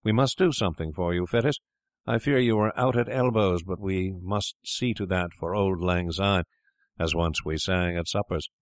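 A man's voice: deep voice, normal speed, dry recording, studio quality, natural voice. A man voicing a flustered, wealthy elderly doctor who stammers and hurries his words.

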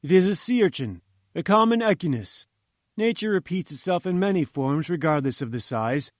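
A man's voice: on the high side, lively intonation, a little fast, a little mellow, no room sound, clean studio sound, close to an everyday voice. A man reading an audiobook, voicing a pompous older professor who talks down to his listener. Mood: patronizing. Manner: condescending, lecturing.

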